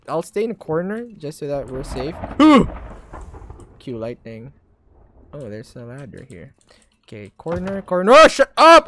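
A young Filipino woman with a hoarse voice, loudly reacting and swearing as she plays a horror game live, mixing Tagalog into her English. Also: deep voice, a little hiss or hum. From Philippines. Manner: loud, jumpy, swears often, mixes Tagalog into English. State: hoarse from shouting. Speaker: streamer.

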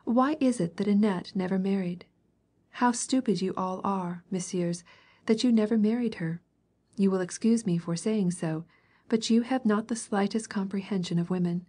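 A woman's voice: medium pitch, moderate pace, husky, natural voice. A woman reading as a capricious young princess. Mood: teasing. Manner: lively, complaining, pleading. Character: fretful young pregnant princess, capricious and vivacious.

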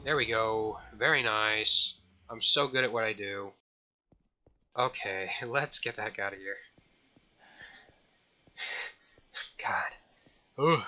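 A man giving casual, jokey let's-play commentary at home, self-mocking, slightly out of breath, with sudden high yelps. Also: takes it slowly, pauses often, bright, forceful tone. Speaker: gaming channel host.

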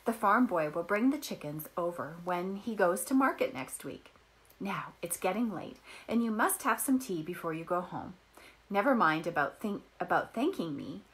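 Woman doing a kind motherly farm lady, gentle but firm, lively storybook tone. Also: lowish voice, moderate pace, rough recording. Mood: fond.

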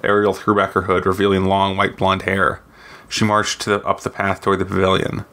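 A man's voice: low-pitched, monotone, fairly quick, a bit bright. A man reading aloud from his own fantasy novel, with occasional slips and restarts. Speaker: guest reader, author.

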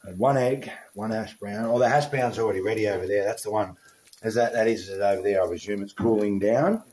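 A man's voice: fairly low pitch, brisk, darkish tone, a little hiss or hum. A man filming a home pet vlog, chatting casually and cooing to his dog in a playful sing-song voice. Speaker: pet vlogger.

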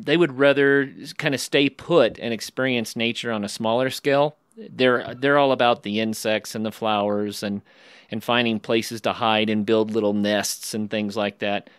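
A male podcast host with a smooth, resonant voice, recorded close and dry with no room sound. He talks in a slow, encouraging, reflective way as he interviews guests. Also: mid-range voice, fairly even intonation, no echo.

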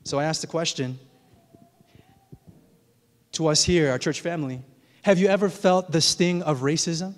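A man preaching in a church, his voice pitched high for a man. He talks earnestly and builds to emphatic peaks. The sanctuary's long, ringing reverb trails every phrase. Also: fairly even intonation, moderate pace, long pauses. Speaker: pastor. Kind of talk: sermon.

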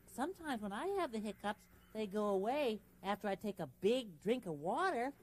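A man's voice: sits high, animated, moderate pace. A man voicing a giant, friendly, innocent bird with a childlike, earnest voice, in 1970s children's TV puppet acting. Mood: sympathetic. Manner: wide-swinging, wondering, earnest voice.

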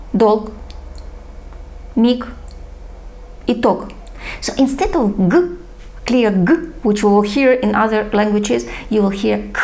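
A woman's voice: fairly high pitch, vocal fry, darkish tone. A woman teaching a recorded language lesson, speaking in careful, slightly non-native English and patiently reading word lists aloud.

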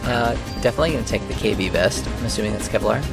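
A man's voice: lowish voice, racing, creaky, over loud music. A man casually joking and laughing as he comments on a video game while streaming.

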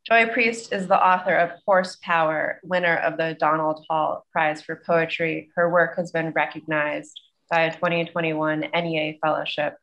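Low-voiced woman introducing a guest. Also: little pitch movement, normal speed, a bit bright, lo-fi sound. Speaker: program facilitator introducing a guest. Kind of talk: scripted introduction.

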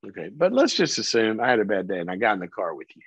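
A man's voice: lowish voice, very animated, fast talker, husky, no echo. Teasing man hosting a call-in advice show. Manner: playful, teasing, emphatic. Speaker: call-in show host, counselor.

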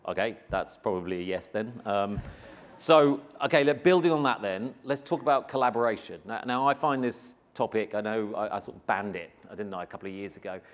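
A man's voice: lowish voice, fairly quick. A man moderating a conference panel, playful and teasing as he presses for answers. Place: conference stage before an audience.

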